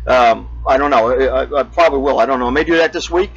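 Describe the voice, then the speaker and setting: A man's voice: mid-range voice, fast talker, breathy edge, dull audio. A man hosting a homemade RV show, chatting casually and telling a joke, with many fillers and restarts. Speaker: host of an RV show. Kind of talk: casual rambling chat.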